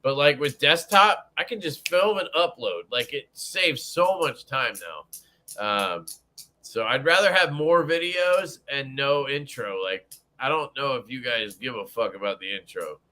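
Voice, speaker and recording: Young adult male livestream host, bright lively delivery, swears a lot, chatty with viewers. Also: medium pitch, a little slow. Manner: profane, joking, greets chat viewers. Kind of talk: casual livestream chat.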